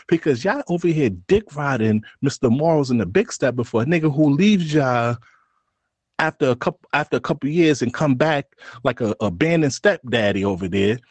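A man co-hosting a casual podcast, ranting with big swings into loud sing-song outbursts. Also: mid-range voice, animated, moderate pace, husky, dry recording. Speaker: podcast co-host.

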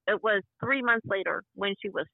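A woman's voice: medium pitch, normal speed, creaky, no room sound. Woman telling her story over a phone line. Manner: vivid, emotional retelling that acts out past dialogue. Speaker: interview guest. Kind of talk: personal storytelling in an interview. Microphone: phone call. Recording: dry, tinny phone line.

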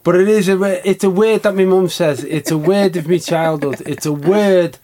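A man with a fairly high voice co-hosts a relaxed chat. He talks warmly and laughs easily. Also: moderate pace. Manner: warm, laughs often. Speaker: podcast co-host. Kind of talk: casual chat.

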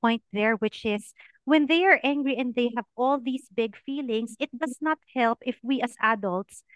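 Woman podcast host, high bright voice, encouraging and affirming, dry close sound. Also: moderate pace, no room sound. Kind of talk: casual interview chat.

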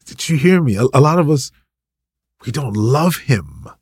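A man's voice: mid-range voice, sing-song, moderate pace, darkish tone, slightly rough, no echo, clean studio sound. A man preaching an impassioned, ranting sermon, full of repetition and rhetorical questions.

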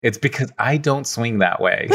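A man's voice: lowish voice, a bit bright. A man speaking as a podcast guest in casual conversation, reflective and easygoing, with many "like" fillers.

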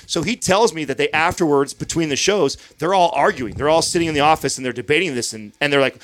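This podcast host, a man in his thirties, has a fairly high voice and talks fast with hardly any pauses; there's a slight hiss or hum on the recording. He tells a long story in casual chat, swearing freely and acting out what other people said.

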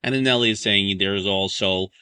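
A man hosting a podcast who explains business ideas in an animated, casual way with quick everyday examples. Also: lowish voice, clean tone, no echo. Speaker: podcast host.

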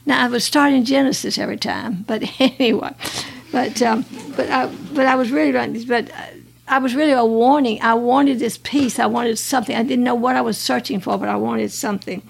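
A woman's voice: fairly high pitch, steady tone, fairly quick, creaky. A woman, telling her life story earnestly with restarts and laughs. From Alabama, US. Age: 80s. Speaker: guest sharing her testimony. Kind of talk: personal testimony.

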